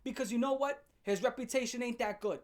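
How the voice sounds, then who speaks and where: A woman's voice: fairly high pitch, darkish tone. A woman hosting a comedic commentary rant, blunt and profane with heavy slang. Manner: blunt, fast-shifting, heavy swearing and slang. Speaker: commentary channel host.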